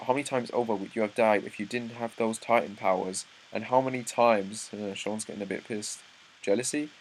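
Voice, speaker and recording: Young male reactor with a low voice who reads panels aloud and trips over words. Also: slight background noise, poor audio. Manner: reads dialogue aloud, breaks off into excited asides, stumbles and restarts. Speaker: manga reaction host. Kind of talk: live reaction read-through.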